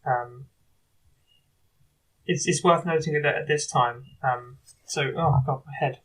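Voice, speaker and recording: A man recording a confessional video diary, talking in a halting, rambling way with many restarts. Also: mid-range voice, far from the mic, noisy background. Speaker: video diarist.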